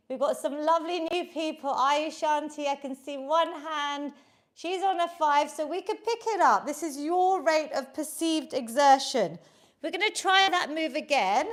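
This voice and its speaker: A woman leading an online exercise class, upbeat and encouraging, counting down reps and a little out of breath from moving along. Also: high-pitched. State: slightly out of breath while exercising. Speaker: fitness instructor. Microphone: video call setup.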